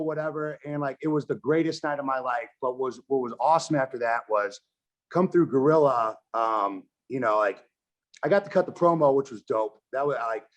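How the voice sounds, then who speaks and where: Guy rambling through a wrestling story, cussing a lot, voices jumping around as he acts out quotes. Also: medium pitch. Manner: animated, swears constantly, acts out quotes. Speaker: podcast guest, wrestler and filmmaker. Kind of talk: casual storytelling chat.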